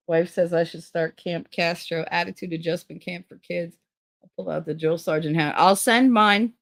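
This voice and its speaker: A woman's voice: fairly low pitch, animated, brisk. Blunt, laughing woman streamer. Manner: blunt, profane, laughs often. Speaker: livestream host. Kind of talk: casual chat with live chat.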